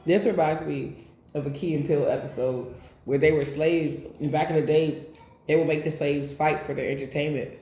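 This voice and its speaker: A woman's voice: low voice, fairly even intonation, moderate pace, mellow. A woman giving a casual tarot reading, speaking bluntly with plenty of swearing, straight to her viewers. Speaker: tarot reader. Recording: echoey room.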